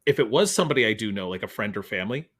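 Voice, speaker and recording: A man's voice: lowish voice, animated, rapid-fire, a bit bright. A man hosting a podcast in casual chat, wry and joking, swearing for laughs. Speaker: podcast host.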